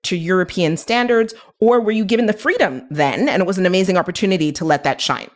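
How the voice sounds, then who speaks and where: A woman's voice: lowish voice, fast talker. Chatty woman podcast host asking questions. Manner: chatty, warm questioning with many "like" and "right?". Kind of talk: casual interview chat.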